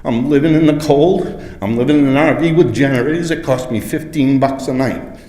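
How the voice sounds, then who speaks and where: A man's voice: medium pitch, a little fast. Older guy, emotional, frustrated, begging the council at the podium, echoey hall with long reverb. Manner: earnest, frustrated and pleading, growing forceful. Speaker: public commenter at a city council meeting. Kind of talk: public comment at a podium. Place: city council chamber.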